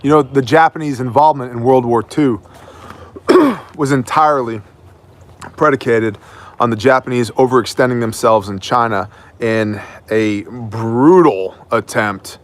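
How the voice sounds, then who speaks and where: A man hosts his own news program and delivers commentary with strong emphasis. His voice sits at a middling pitch, and he leans hard on key words, turning mocking when he scoffs at a claim. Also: unhurried. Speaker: host of an independent news show.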